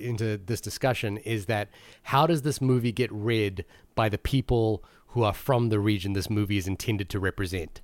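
A man's voice: lowish voice, normal speed, no echo. Rambling male podcast host. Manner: rambling, many restarts and fillers. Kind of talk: casual film discussion.

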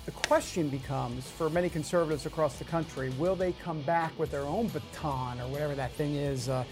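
A man's voice: a little high, a little fast. Brief: male host, forties, loose and joking, laughs a lot, light music bed. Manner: joking, laughs often, rambling asides. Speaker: show host. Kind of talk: casual news chat.

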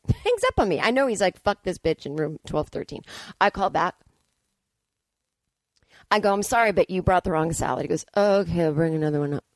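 A woman's voice: medium pitch, no echo. A woman hosting a solo comedic podcast, telling an exasperated story and acting out both sides of the conversation with blunt, profane asides. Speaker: podcast host. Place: indoors, hotel room.

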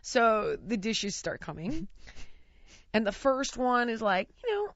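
A woman telling a funny story in a casual chat, animated and laughing as she mimics the people in it. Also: fairly high pitch, moderate pace, dry recording. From United States. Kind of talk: casual anecdote. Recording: dry, slightly dull lo-fi recording.

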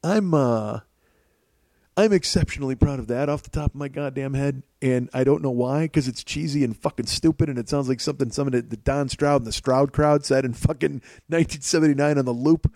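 A man's voice: mid-range voice, brisk, a little mellow, no room sound. A man hosting a podcast, talking in a casual, rambling monologue that is full of swearing and self-mockery, from his home kitchen. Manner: profane, self-mocking, rambling. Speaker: podcast host.

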